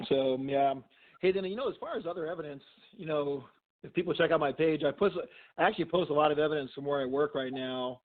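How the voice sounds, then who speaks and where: A middle-aged man with a somewhat high voice rambles through his stories, full of "you know" and restarts. He sounds tinny and thin, like a call over a phone line. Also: fast talker. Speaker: guest, physician and paranormal investigator. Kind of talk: casual storytelling in a phone interview.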